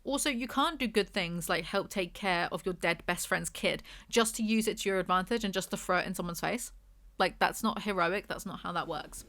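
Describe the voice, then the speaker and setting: A woman's voice: fairly low pitch, a little fast, fairly bright tone, dry recording. A young woman reviewing a book with snarky, exasperated, mocking commentary.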